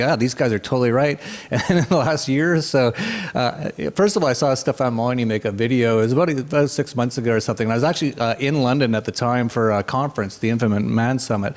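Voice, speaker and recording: Fast talking guy hosting a casual chat, rambles, lots of uhs. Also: mid-range voice. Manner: rambling, many fillers, laughs often. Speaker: host.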